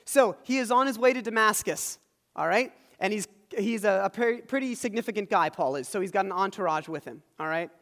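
A church pastor with a high-pitched, brisk, fairly bright voice preaches a sermon. He retells a scripture story conversationally, with asides to the congregation. The recording comes from a large church hall with long reverb.

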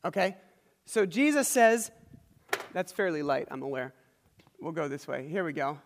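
High-voiced pastor preaching in a reverberant hall. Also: male voice, big pitch swings, moderate pace. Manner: conversational, retelling scripture with asides and quoted voices. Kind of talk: sermon. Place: church hall. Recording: large hall with long reverb.

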